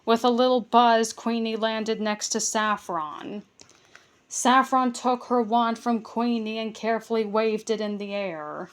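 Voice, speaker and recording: A woman reads a children's storybook aloud in a fairly high voice. Her pace is slow and deliberate, and she occasionally stumbles and restarts a word before carrying on. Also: fairly even intonation. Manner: careful reading with small stumbles and restarts. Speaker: storybook reader. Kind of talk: reading a children's book aloud.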